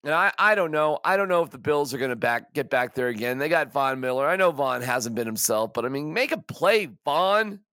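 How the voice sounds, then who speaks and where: A man's voice: mid-range voice, expressive, brisk, hardly any pauses, pushed and bright, no echo, studio quality. A man hosting a sports podcast, ranting in an exasperated, emphatic way with stammering restarts. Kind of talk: casual sports rant.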